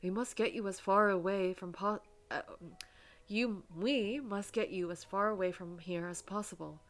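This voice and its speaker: A woman's voice: medium pitch, normal speed, lightly acted. A woman voicing a wounded giant male guard who is loyal and protective, speaking earnestly and resolutely.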